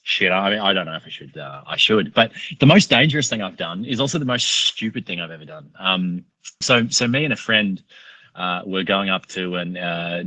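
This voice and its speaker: An Australian man with a lowish, bright, forceful voice, recorded dry and close. He tells a story as a podcast guest, casual and animated, swearing freely. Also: normal speed, no echo, low-quality recording.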